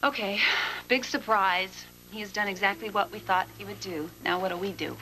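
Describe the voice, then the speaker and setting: A woman's voice: medium pitch, moderate pace, bright, forceful tone, a little hiss or hum, poor audio. An actress playing a caring young woman with a soothing, coaxing way of talking, in a TV drama. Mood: worried. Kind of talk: daytime TV drama acting.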